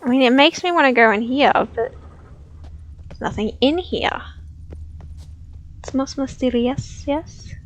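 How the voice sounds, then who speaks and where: High, unhurried woman game streamer. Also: poor audio. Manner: soft-spoken, coos fondly at her dogs. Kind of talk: casual live-stream chat.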